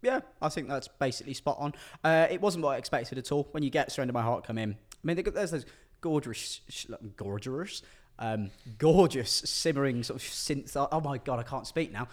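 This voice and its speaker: A man's voice: mid-range voice, a little fast, hardly any pauses. A man co-hosting a music podcast, chatting in an easygoing, self-deprecating way as he reviews an album. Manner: self-deprecating, easygoing, restarts when tongue-tied. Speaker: podcast co-host. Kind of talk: casual music review chat.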